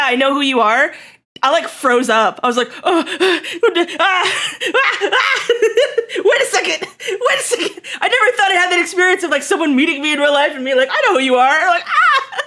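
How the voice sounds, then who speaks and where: A woman's voice: sits high, animated, quick pace, pushed and bright. A young woman streamer chatting casually with her viewers, giggly and playful, swearing and putting on mock-angry rants.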